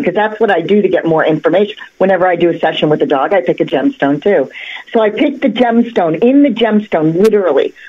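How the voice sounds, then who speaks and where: A woman's voice: fairly low pitch, phone-quality sound. Chatty psychic woman on a talk show. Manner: chatty, animated, many fillers and restarts. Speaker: psychic guest. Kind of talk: casual storytelling on a talk show. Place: local access TV studio.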